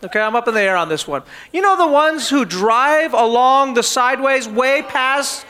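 Male pastor preaching; animated storyteller with a very high, bright voice. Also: normal speed, slight background noise. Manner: animated storytelling, often laughing. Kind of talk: sermon.

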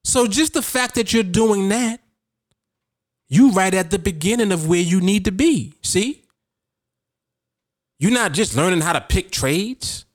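A man's voice: sits high, lively intonation, unhurried, long pauses, no room sound, studio quality. A man hosting a podcast, coaching his listeners in a casual, emphatic and repetitive way. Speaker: podcast host and trading coach. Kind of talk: casual motivational talk.

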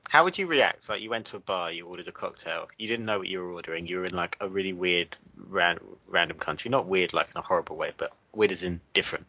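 A man's voice: deep voice, steady tone, fast talker, hardly any pauses, pushed and bright, lo-fi sound. A man co-hosting a podcast in casual chat, rambling through far-fetched hypotheticals. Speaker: podcast co-host.

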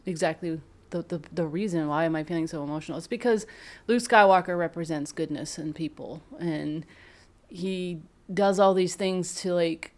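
A woman giving a casual, excited fan review, rambling and emotional as she talks. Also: low voice.

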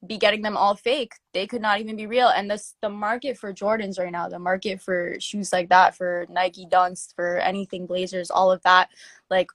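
A woman's voice: mid-range voice, moderate pace, dry recording. Young woman chatting with lots of fillers. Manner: filler-heavy, animated, slangy. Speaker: interviewee. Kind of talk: casual chat.

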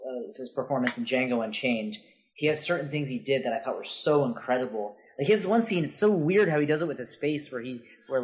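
A man's voice: medium pitch, low-quality recording. Rambling man in a podcast chat. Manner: rambling, many fillers and restarts. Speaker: podcast co-host. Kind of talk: casual podcast discussion.

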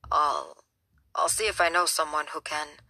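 A woman's voice: low-pitched, lively intonation, unhurried, bright, forceful tone, dry recording, exaggerated voice. Woman voicing a blunt, weary sheriff. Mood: grim. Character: weary middle-aged male sheriff, blunt.

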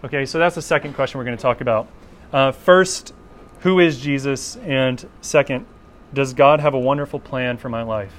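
A man's voice: medium pitch, moderate pace. A man teaching a Bible class in an informal lecture, talking conversationally and often checking in with "right?".

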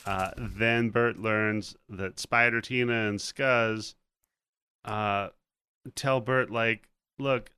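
A man's voice: on the low side, fairly even intonation, extremely slow, bright, forceful tone, clean tone, no room sound, studio quality. A man hosting a casual podcast, recapping a movie with loose, profane chatter and acted-out lines. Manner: profane, laughing, acts out characters' lines. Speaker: podcast host.

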